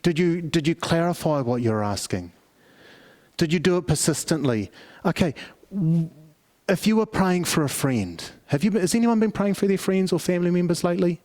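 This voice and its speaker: A man's voice: on the high side, expressive, normal speed, a little mellow. A middle-aged man preaching a family service sermon, telling stories conversationally with many restarts. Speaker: pastor.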